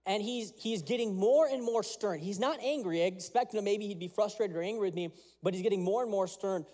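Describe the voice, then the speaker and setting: High-voiced man preaching a sermon. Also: a little fast, hardly any pauses, dark tone. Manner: earnest storytelling with prayer. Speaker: pastor.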